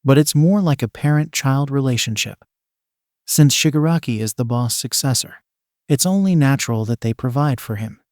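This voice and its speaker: A man's voice: medium pitch, normal speed, darkish tone, no room sound, studio quality, close to an everyday voice. A man reading a teasing, amused male villain friend.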